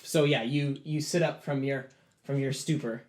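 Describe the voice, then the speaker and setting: A man's voice: medium pitch, steady tone, normal speed. A man running a tabletop game as game master, narrating in a rambling way with restarts.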